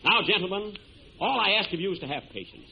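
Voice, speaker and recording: High-voiced exasperated man on old radio. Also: very animated, fast, gravelly. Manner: exasperated, pleading, shouting into the receiver. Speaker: comedian playing the inventor in a sketch. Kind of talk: 1930s radio comedy sketch. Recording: muffled 1930s radio broadcast with hiss.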